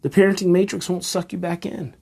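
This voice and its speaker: A man's voice: high voice, flat delivery, a little fast, gravelly, darkish tone. A man who teaches parenting, giving an emphatic live-streamed talk and repeating his key phrases and rhetorical questions. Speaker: parenting educator.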